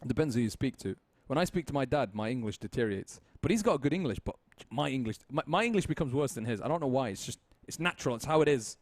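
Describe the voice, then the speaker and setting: A young Mancunian man casting a shooter match. He talks at a mid pitch in a chatty, rambling way, doubling back on his words and laughing easily, with faint game gunfire behind him. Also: animated, quick pace, hardly any pauses, dry recording. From Manchester, with Libyan roots. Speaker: esports caster. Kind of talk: casual esports commentary.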